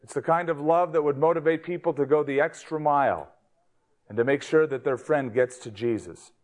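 A man's voice: on the high side, brisk. A man preaching a sermon, opening with a joke in an easygoing, folksy storytelling manner. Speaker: pastor.

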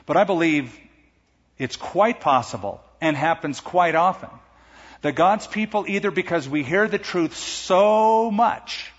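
A middle-aged man preaching a sermon to a congregation, slowing down and raising his voice on the words he stresses. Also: high voice. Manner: emphatic, slows and lifts his voice on key words. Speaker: pastor. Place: large church sanctuary. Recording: dull sound with long hall reverb.

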